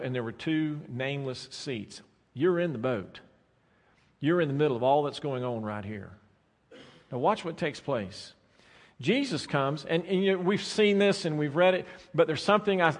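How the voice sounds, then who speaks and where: A man preaching a sermon as pastor, swinging between soft, drawn-out phrases and loud, emphatic bursts. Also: a little high. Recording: long reverb of a large hall.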